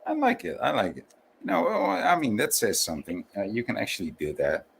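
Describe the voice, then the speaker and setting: A man's voice: on the low side, huge pitch swings, fairly quick, gravelly, a bit bright, slight background noise. A man chatting casually, swearing and stacking filler words. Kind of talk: casual chat.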